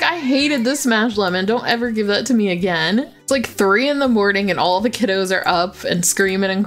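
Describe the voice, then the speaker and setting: A woman's voice: medium pitch, a bit bright. Chatty woman narrating her game. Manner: chatty, fond, lots of "like" fillers. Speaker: gaming YouTuber. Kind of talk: casual gameplay commentary.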